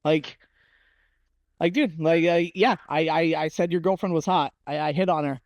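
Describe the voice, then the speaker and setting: A young man on a casual podcast, swearing freely and telling animated stories with acted-out quotes. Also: on the high side, normal speed, no echo, muffled recording.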